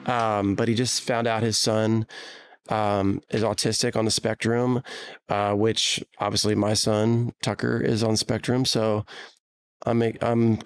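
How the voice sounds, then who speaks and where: A man's voice: fairly low pitch, measured pace, smooth. A man in his thirties hosting a casual chat show, telling stories with lots of restarts. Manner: animated storyteller with many restarts. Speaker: podcast host.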